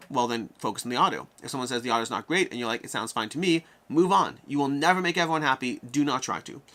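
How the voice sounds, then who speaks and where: A man hosting a live-stream Q&A, answering viewer questions in an animated way and talking his thoughts through out loud. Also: mid-range voice.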